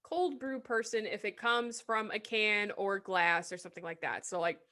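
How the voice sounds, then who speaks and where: A woman's voice: medium pitch, normal speed, sharp tone. Blunt, swearing young woman podcaster. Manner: swears often, blunt and joking. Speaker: podcast co-host. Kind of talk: casual chat.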